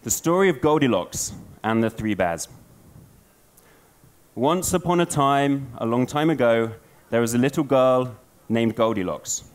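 A man giving a storytelling conference talk, an animated storyteller. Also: medium pitch, a little slow. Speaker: conference speaker.

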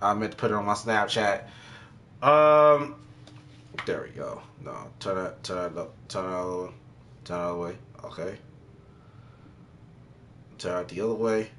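Young man, gaming vlog host, slangy and excitable, lively up-and-down pitch, unhurried delivery. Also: a little hiss or hum. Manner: excitable and slangy, quick to exclaim. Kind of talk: casual gaming vlog chat.

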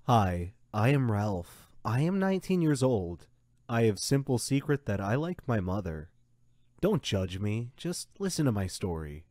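A man telling a first-person story as scripted narration, in a slow, measured way. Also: lowish voice, big pitch swings, a little mellow, no echo, studio quality.

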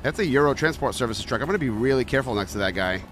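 A man's voice: medium pitch, animated, very fast, a bit bright, faint music behind. A man streaming a truck-driving game, chatting with viewers and yelping at near misses. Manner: greets chat viewers by name. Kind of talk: live-stream gameplay commentary.

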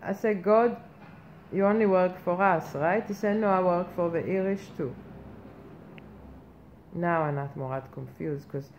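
A woman's voice: on the low side, a little slow, long pauses, a little mellow. A woman playing a brash, self-important female reporter persona in a satirical comic monologue, ranting in a mock-earnest way with outraged questions. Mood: blustering. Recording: muffled lo-fi recording with faint background noise.

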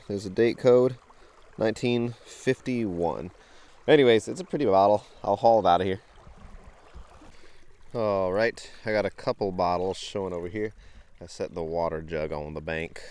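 A man's voice: fairly low pitch, a little mellow, clean tone. A man, vlogging outdoors as he wades a creek, talking casually to a handheld camera, easily delighted and laughing often. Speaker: vlogger bottle hunting in a creek.

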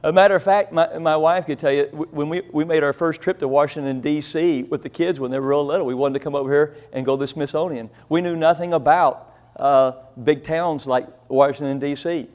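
Folksy high-voiced country preacher. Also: male voice, steady tone, a little fast, darkish tone. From rural Illinois, USA. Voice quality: deaf in one ear. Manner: folksy, rambling, self-deprecating. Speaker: pastor. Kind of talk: storytelling sermon.

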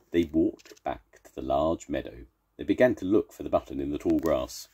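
An older man, a grandfather, reading a children's storybook aloud, slow and expressive. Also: very deep voice, husky. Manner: slow, expressive read-aloud with warm sign-offs.

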